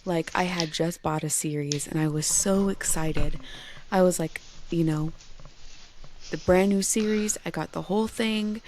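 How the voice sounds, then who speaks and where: A woman's voice: lowish voice, a little slow, a little mellow, slight background noise. A woman in her forties, a bookstore founder and podcast guest, telling stories animatedly, swearing and acting out quoted dialogue. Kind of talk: casual podcast chat.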